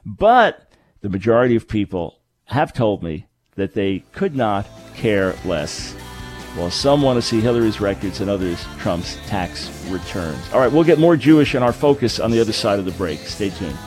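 A man's voice: fairly low pitch, very animated, normal speed, over music. A man hosting a radio talk show, explaining points in an emphatic way and correcting himself as he goes. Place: radio studio. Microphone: studio microphone.

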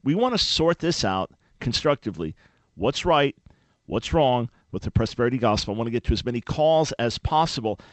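A man's voice: medium pitch, sing-song, a little fast, no echo. A man hosting a call-in radio show, speaking in an earnest, emphatic way. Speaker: radio talk show host. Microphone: studio microphone.

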